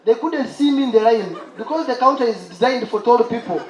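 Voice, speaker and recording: High-voiced stand-up man, animated storyteller, live echoey venue, faint crowd. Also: a little fast, a little hiss or hum. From Uganda. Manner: animated storyteller, exclaims and imitates laughter. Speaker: stand-up comedian. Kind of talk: stand-up comedy set. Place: live comedy show stage. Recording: roomy live venue with audience.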